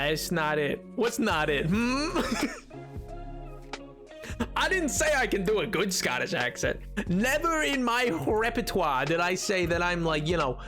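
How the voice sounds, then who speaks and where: A man with a high, sing-song voice chats away on a gaming stream, giggling often and drifting between thoughts. His talk is unhurried despite the excitement, with faint music under it. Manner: animated, giggly, rambling. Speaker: livestreamer. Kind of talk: casual chat while gaming.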